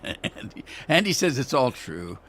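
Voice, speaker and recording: A man's voice: mid-range voice, very animated, unhurried, fairly bright tone, slight background noise. A man chatting casually as he plays a farming game on a live stream, rambling and teasing himself as he goes. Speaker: gaming streamer. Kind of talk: casual gameplay commentary.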